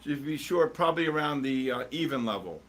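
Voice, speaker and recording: A man's voice: mid-range voice, animated, quick pace, a bit bright. A man hosting a live trading stream, chatting casually and joking with viewers while calling out market moves. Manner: rambling, jokey, answers chat while watching charts. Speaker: livestream host.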